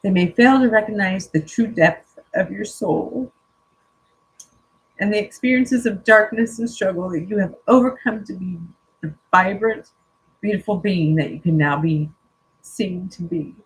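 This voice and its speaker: A spiritual coach reading an inspirational text aloud in a slow, earnest way, teary-eyed and stopping now and then for casual joking asides. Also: mid-range voice, breathy edge, poor audio.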